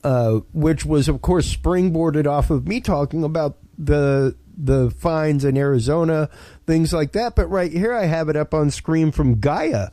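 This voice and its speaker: Slow, mellow-voiced male podcast host. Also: a little high, no echo. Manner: enthusiastic, with many ums and repeats. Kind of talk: casual podcast talk.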